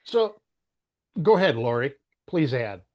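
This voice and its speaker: A man's voice: medium pitch, sing-song, unhurried. An older man hosting a panel discussion, speaking in an affirming way and often murmuring agreement. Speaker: panel host.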